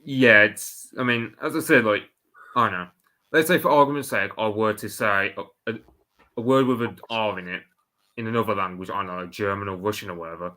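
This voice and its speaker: A man's voice: fairly low pitch, a little fast, pushed and bright. A man with a strong Birmingham accent, a guest in a casual chat, talking hesitantly with many restarts.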